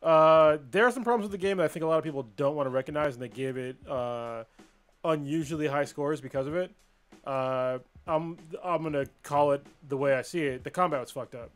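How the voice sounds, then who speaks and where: A man's voice: a little high, a little fast, clear, resonant tone, soft background music. A young adult man co-hosting a podcast in casual chat, blunt and swearing freely as he gives his opinions. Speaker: podcast co-host.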